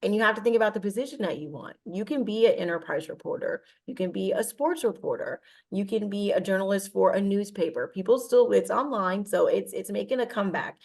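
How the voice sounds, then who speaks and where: A woman's voice with a gravelly, fry-laced texture gives advice as a guest. She speaks in a confident, direct and reassuring way, like a seasoned media personality. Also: medium pitch, lively intonation, a little fast, hardly any pauses, a little mellow. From Cincinnati, Ohio. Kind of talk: interview answers, giving advice.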